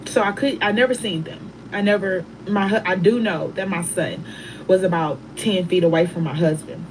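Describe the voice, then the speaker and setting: A middle-aged woman telling a painful personal story in a soft, halting way, pausing and restarting often. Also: on the low side, noisy background. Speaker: bereaved mother telling her story.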